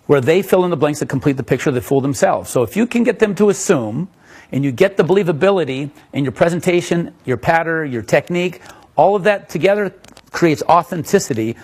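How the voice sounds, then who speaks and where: A man's voice: a little high, animated, a little fast, darkish tone. A man giving a live magic lecture, playful and joking with the audience as he demonstrates tricks.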